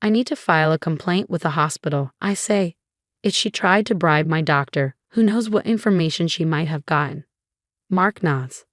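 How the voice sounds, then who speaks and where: A woman's voice: low voice, lively intonation, moderate pace, dry recording, studio quality. A woman narrating a dramatic first-person story in plain storytelling manner.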